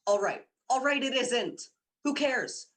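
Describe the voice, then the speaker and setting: A man's voice: very high-pitched, expressive, a little slow, fairly bright tone, heavily acted. A young man playing a persuasive male university student who coaxes and teases his girlfriend in a radio drama. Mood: coaxing. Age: young adult. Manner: coaxing, teasing, insistent. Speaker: boyfriend Dick. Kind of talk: amateur radio drama acting.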